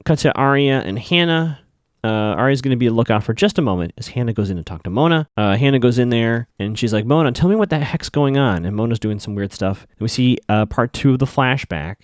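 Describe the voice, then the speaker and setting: A man hosting a podcast, casually recapping a TV episode scene by scene with lots of fillers and quick bits of acted-out dialogue. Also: medium pitch, dry recording, clean studio sound. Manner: chatty, loose, many fillers, acts out characters' lines in passing.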